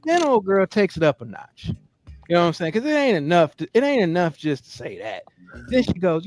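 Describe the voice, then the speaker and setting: A man's voice: a little high, normal speed, soft background music. A man hosting a live-streamed podcast, telling a story in a casual, profane way and acting out the quotes. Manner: animated, profane, acts out quotes. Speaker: podcast host. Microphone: studio mic on a live stream.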